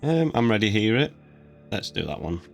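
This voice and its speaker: A man's voice: fairly low pitch, brisk, creaky, faint music behind. A man giving casual, rambling commentary while playing a video game. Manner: relaxed, rambling asides. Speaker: gameplay commentator.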